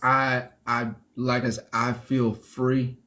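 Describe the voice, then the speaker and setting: A man hosting a casual livestream, emphatic and repetitive, sometimes dropping low and soft. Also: flat delivery, slow pace. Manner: emphatic, repeats himself, drops low and soft when reflective. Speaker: livestream host. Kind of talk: casual live-stream chat.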